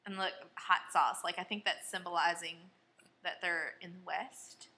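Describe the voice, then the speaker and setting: A woman's voice: fairly low pitch, steady tone, normal speed, pushed and bright. A woman in her late twenties, a co-host who teaches first grade, chatting playfully and confidently in a casual TV commentary. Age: late 20s.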